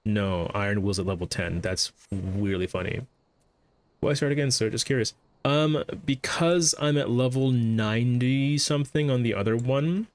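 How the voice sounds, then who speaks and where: A man's voice: medium pitch, steady tone, moderate pace. A man streaming a game, chatting casually, brushing off the game's dialogue and stumbling over his words as he goes. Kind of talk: casual gameplay commentary.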